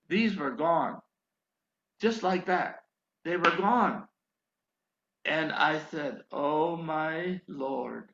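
An older man preaching a sermon, telling his own story in a slow, drawn-out, emphatic way. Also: fairly high pitch, creaky, a bit bright. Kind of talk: sermon with personal testimony. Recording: echoey, dull lo-fi recording.

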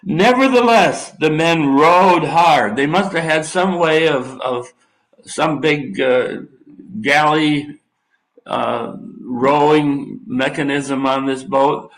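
An older man with a fairly bright, high-leaning voice preaches slowly, reading scripture and breaking off into folksy, wry asides to his listeners. His drawling Bible teaching comes through on a low-quality recording.

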